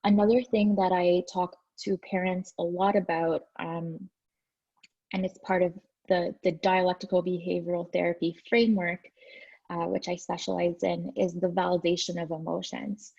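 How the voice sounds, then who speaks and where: A woman's voice: lowish voice, level tone, normal speed, creaky, dark tone, breathy edge, highs cut off. A woman therapist giving an informal, earnest talk with many fillers and restarts.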